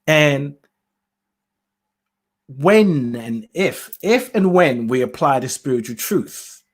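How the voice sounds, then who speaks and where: A male podcast host talks alone into his own mic, sharing spiritual thoughts in a loose, casual monologue. He muses aloud, laughs often, and sometimes loses his thread before finding it again. His voice sits at a middle pitch. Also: expressive, slow pace. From lives in the UK. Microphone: solo podcast mic, self-produced.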